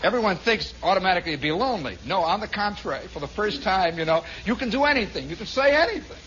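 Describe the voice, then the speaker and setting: A man's voice: sits high, animated, fast, fairly bright tone, a little hiss or hum. A man from Indiana telling a long, rambling story on his radio show, full of asides. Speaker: radio host. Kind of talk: storytelling monologue. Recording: dull lo-fi 1960s radio broadcast.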